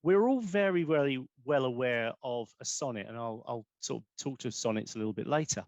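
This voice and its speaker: A man's voice: mid-range voice, brisk, no room sound. A man, poet in residence, giving a rambling, self-correcting online talk on poetry forms over a video call.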